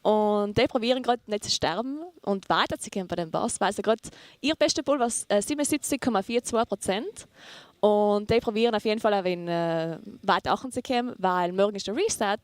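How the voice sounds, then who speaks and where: A woman's voice: medium pitch, fairly quick, dry recording. Austrian lady speaking english w/ her accent, chatty, laughs a lot, dry close sound. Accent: Austrian German. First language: Austrian German. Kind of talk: casual stream co-commentary chat.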